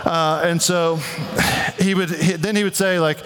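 A man's voice: on the high side, flat delivery, measured pace, a bit bright, long reverb tail. A man preaching a sermon in a church, casual and conversational, often saying "like". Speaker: pastor.

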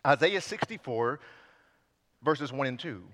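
A man's voice: medium pitch, expressive, unhurried, a bit bright. A man preaching a sermon as pastor, fervent and pleading, his intensity building as he speaks. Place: church sanctuary. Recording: long hall reverb.

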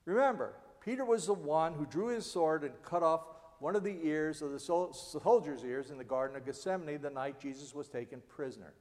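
A man delivers an earnest sermon, reading scripture with feeling. His voice sits a little high. The sound rings with the long reverb of a church hall. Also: brisk, hardly any pauses, a little mellow. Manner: earnest preaching, dramatic readings of scripture and pleas. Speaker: preacher.

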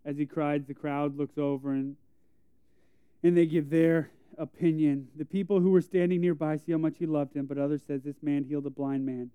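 A male pastor preaching a sermon, retelling a Bible story conversationally and dropping to a hush for emphasis. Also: fairly high pitch, fairly even intonation, normal speed, clean tone, dry recording.

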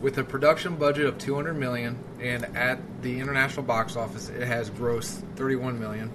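A man's voice: mid-range voice, steady tone, fairly quick. A man hosting a casual podcast, reading out prepared items in a dry, wry way. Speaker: podcast host. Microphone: handheld field recorder. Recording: noisy amateur podcast recording.

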